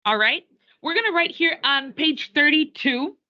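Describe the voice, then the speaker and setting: A woman teacher lecturing her class on a play in a classroom. She talks in an animated way and switches between English and Spanish. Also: high-pitched, moderate pace. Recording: dull lo-fi classroom recording.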